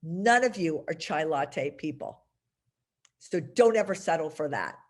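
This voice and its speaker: A woman's voice: low-pitched, animated, unhurried, a little mellow. A woman teaching a class as a career coach, emphatic and chatty, speaking straight to her students.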